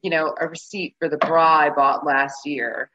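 A woman with a bright, forceful but husky voice recounts a personal story in a relaxed interview, pitched a little low. She is animated and slips into the voices of the people she describes. The recording sounds dull and lo-fi. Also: normal speed. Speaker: guest. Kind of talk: casual conversational storytelling.

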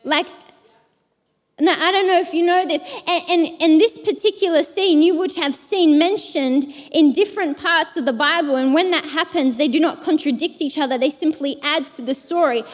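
High-voiced woman preaching in a reverberant hall. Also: moderate pace. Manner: animated, acts out the people in her stories. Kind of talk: sermon with personal storytelling.

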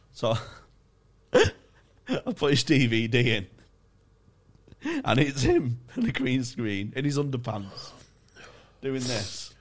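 A man's voice: medium pitch, animated. Sweary man telling stories. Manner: sweary and laughing, rapid bursts. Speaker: podcast co-host. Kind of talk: casual chat, comic storytelling.

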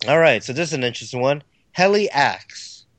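A laid-back man hosting a podcast, reading through listener names and plugs in an easy, conversational way. His voice sits at an ordinary middle pitch and sounds dry and close, with no room around it. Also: animated, a little fast, fairly bright tone, dry recording. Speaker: podcast host. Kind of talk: casual podcast chat.

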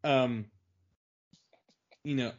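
A man's voice: medium pitch, steady tone, extremely slow. A man co-hosting a casual podcast, rambling and filling his speech with "like". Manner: rambling, fills with "like". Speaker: podcast co-host. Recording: dull lo-fi audio.

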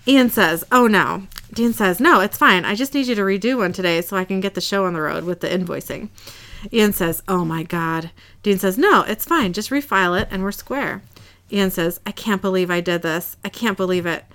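A woman's voice: medium pitch, moderate pace, a bit bright. A woman co-hosting a casual podcast at home, retelling show scenes, reading lines plainly and laughing often. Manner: retells scenes, reads quotes in a plain voice, giggly. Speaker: podcast co-host recapping an episode. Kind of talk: casual chat and episode recap. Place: home room.

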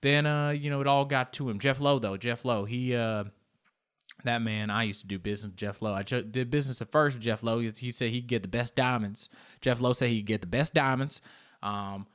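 A man playing a shady male diamond dealer in a comedy bit. He pitches in a low, soft, smooth patter, like a sleazy salesman closing a deal. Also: fairly quick, close to an everyday voice. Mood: smooth-talking.

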